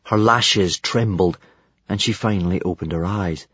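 A man's voice: low-pitched, breathy edge, dry recording. A man narrating a children's storybook expressively, in a slightly muffled dry recording. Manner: expressive, unhurried. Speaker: audiobook narrator.

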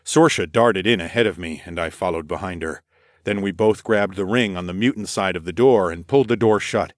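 Male narrator, low register, steady first-person storytelling, close dry mic. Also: brisk, no room sound. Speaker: audiobook narrator.

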